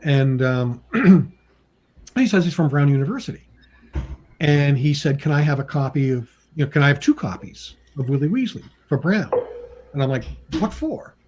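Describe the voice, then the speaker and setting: A man who writes and draws comic books chats as a guest, telling casual anecdotes with lively intonation at normal speed. His tone is darkish, with slight background noise. He laughs often and acts out quoted people with sudden pitch jumps.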